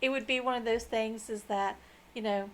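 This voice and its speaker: A woman's voice: on the high side, fairly even intonation, normal speed, slight background noise. A woman co-hosting a podcast in casual chat, a digressive storyteller who laughs often. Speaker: podcast co-host.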